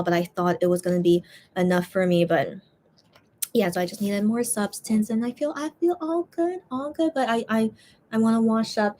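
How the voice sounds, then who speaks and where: Woman streamer, casual eating chat, rambling, repeats herself, tired and full, mid-pitched voice. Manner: rambling, repeats words, lively swings in pitch.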